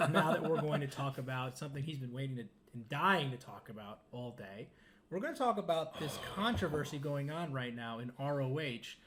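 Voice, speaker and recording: A man's voice: medium pitch, animated, a little fast, crowd noise. A man co-hosting a podcast in casual chat, often stumbling and repeating words as he sets up topics. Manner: hesitant, repeats words, laughs along. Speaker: podcast co-host.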